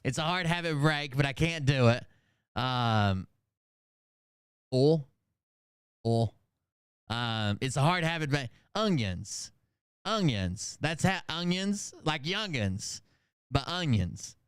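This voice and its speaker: A man's voice: mid-range voice, lively intonation, a little slow, pauses often, clear, resonant tone, no echo, studio quality. A man in his thirties with a Southern US accent, hosting a livestream in casual, rambling commentary full of jokes and swearing. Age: 30s. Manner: rambling, joking, heavy swearing. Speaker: livestream host.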